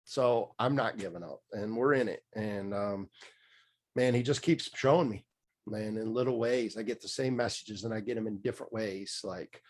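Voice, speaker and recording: A mindset coach in his middle years, speaking at normal speed with a fairly low pitch, tells his story on a podcast as a guest. The interview is casual storytelling, and he comes across candid and rambling, with many fillers and restarts.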